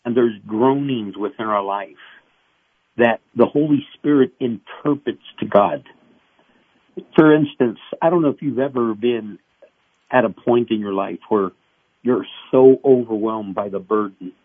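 A middle-aged male pastor being interviewed, preaching with animated acted-out voices. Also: on the low side, unhurried, slightly rough, dry recording. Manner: animated, acts out voices and cries. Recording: tinny phone line.

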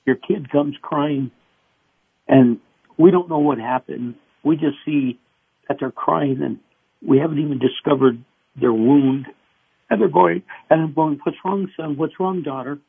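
A middle-aged male pastor being interviewed, preaching with animated acted-out voices. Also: fairly high pitch, unhurried, creaky, long pauses, slightly rough, no echo. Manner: animated, acts out voices and cries. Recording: tinny phone line.

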